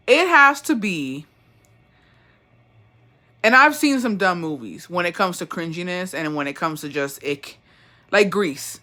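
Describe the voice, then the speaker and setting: A podcast host in a casual, animated rant, swearing constantly. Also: medium pitch, measured pace, long pauses.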